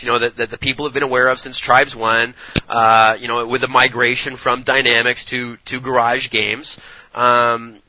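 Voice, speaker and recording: Guy interviewer, super bright tense voice, rambles with uhs and you knows, dry. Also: mid-range voice, rough recording. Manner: rambling questions with fillers. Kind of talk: casual interview.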